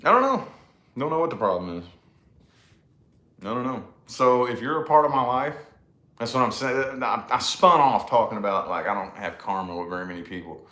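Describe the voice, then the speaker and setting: A man's voice: mid-range voice, animated, normal speed, a bit bright. Profane, self-deprecating man in an echoey room. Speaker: vlogger. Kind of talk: casual rambling monologue.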